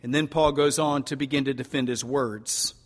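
An older man preaching a sermon as pastor, folksy and animated, stretching out key words for emphasis. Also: medium pitch, normal speed. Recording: long reverb of a large hall.

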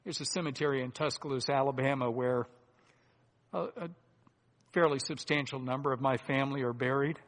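A man's voice: medium pitch, steady tone. Earnest preacher man in a reverberant hall. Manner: deliberate and earnest, swings between loud emphasis and hushed asides. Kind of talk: sermon.

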